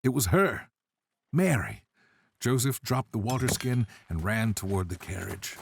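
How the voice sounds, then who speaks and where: Very deep-voiced male storyteller. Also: gravelly, noisy background. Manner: measured, dramatic. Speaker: narrator. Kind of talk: scripted storybook narration.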